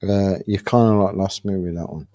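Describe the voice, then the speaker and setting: A man's voice: deep voice, fairly even intonation, normal speed, dark tone, dry recording. A man in casual live-stream debate, rambling with restarts and calling others "mate". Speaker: panel speaker.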